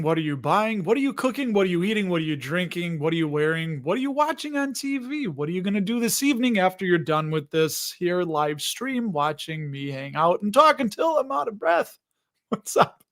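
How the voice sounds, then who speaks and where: A man in his forties hosting a casual live stream, chatting loosely, greeting viewers by name and laughing often. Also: sits high.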